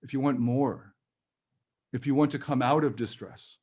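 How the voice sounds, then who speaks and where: A man leading a live-streamed personal growth workshop, talking in a gentle, reassuring and chatty way with light laughs. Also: mid-range voice, moderate pace.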